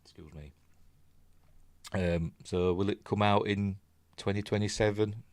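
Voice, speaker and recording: A man's voice: fairly low pitch, steady tone, measured pace, no room sound. A man with a Yorkshire accent giving casual news commentary, chatty and rambling, with lots of tag questions. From Yorkshire, England. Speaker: news vlogger.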